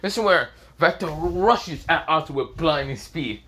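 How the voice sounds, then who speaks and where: A young man spins an improvised fan story in a loose, rambling way, peppered with fillers and casual swearing. His voice sits a little high for a man. It rises and falls a lot. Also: animated, unhurried, a bit bright.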